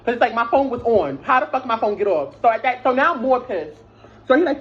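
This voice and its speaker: A woman's voice: on the high side, lively intonation, quick pace. A young woman telling a rambling, profane storytime, full of restarts and fillers. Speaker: vlogger. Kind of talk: casual storytime. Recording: slightly dull lo-fi sound with faint noise.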